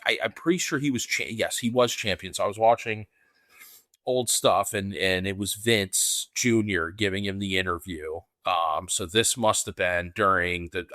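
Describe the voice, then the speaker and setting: A man co-hosting a podcast in casual chat, excitable and rambling, with lots of restarts and "dude.". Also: sits low, dry recording, studio quality. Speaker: podcast co-host.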